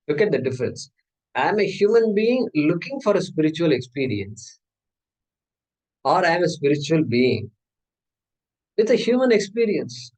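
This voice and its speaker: A man's voice: fairly high pitch, very animated, normal speed, low-quality recording. A man teaching a scripture class in a conversational way, asking his students questions. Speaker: Vedanta teacher.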